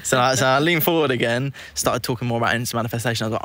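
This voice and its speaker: A man, a hypnotist guest, telling an animated story in casual conversation, acting out quotes and swearing freely. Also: medium pitch, rapid-fire, gravelly, few pauses, no echo.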